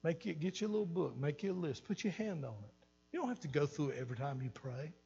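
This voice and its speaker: A man's voice: on the high side, very animated, quick pace, gravelly, mellow, dull audio, a little hiss or hum. An older man pastor preaching an earnest sermon, repeating phrases for emphasis, recorded in a church hall. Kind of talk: sermon teaching. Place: church sanctuary.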